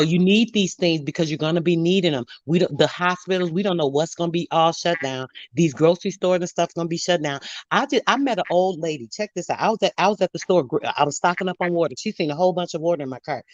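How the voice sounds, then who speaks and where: A woman's voice: fairly low pitch, a little fast, dry recording. Middle-aged woman host, emphatic and fired up, dry muffled lo-fi sound. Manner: emphatic, heated storytelling. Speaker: radio talk show host. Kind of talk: casual chat. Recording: dry, dull lo-fi audio.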